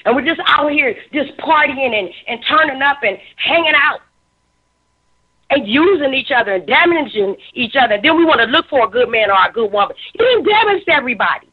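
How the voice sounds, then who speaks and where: Over a tinny, phone-like line, a talk show commentator in her fifties delivers emotional social commentary in a high, animated, fairly quick voice with a breathy edge. She's emphatic and preachy, repeating words as she gets stirred up.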